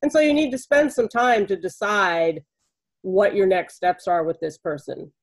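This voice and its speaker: A woman's voice: medium pitch, normal speed, rough recording. A woman jury consultant speaking conversationally on a webinar panel, explaining her points through anecdotes over a video call.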